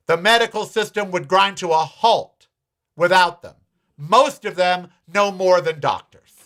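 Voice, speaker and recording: A man's voice: sits high, pushed and bright. An American man hosting a show, telling a personal story and ranting bluntly with profanity. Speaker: host. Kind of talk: opinionated monologue.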